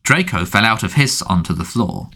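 A man narrating an audiobook in an expressive storytelling manner. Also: on the low side, normal speed, vocal fry. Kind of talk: scripted narration.

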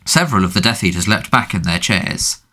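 Expressive low-voiced male audiobook narrator. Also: a little fast. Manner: expressive storytelling. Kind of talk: scripted narration.

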